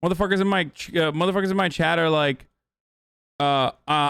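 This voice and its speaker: A man's voice: fairly high pitch, steady tone, brisk, a bit bright, clean tone, dry recording, studio quality. A man hosting a live stream, talking in a brash, sarcastic way with plenty of swearing. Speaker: streamer host. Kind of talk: casual live-stream chat.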